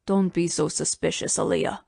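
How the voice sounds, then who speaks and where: A woman reading a commanding billionaire man in his thirties, protective and insistent, his lines pitched low and steady in a dry, close audiobook recording. He speaks calmly and firmly. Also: normal speed, vocal fry, husky, dry recording, full character voice.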